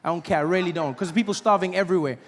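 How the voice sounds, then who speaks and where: A man from Africa performing an animated stand-up comedy routine, acting out voices as he tells stories. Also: high voice, rapid-fire. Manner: animated storytelling with acted-out voices. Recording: live hall with audience. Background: audience laughter.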